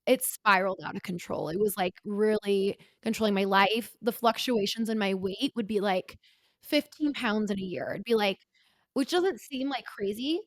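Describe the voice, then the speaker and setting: A woman in her twenties, a podcast co-host, talking candidly about her past in a halting, earnest way with many filler words. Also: mid-range voice, no room sound. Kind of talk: candid personal conversation.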